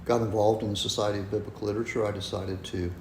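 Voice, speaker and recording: A man being interviewed as a guest scholar, speaking in a measured, hesitant way with many pauses and ums. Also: lowish voice, flat delivery. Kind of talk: podcast interview. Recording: echoey room with faint noise.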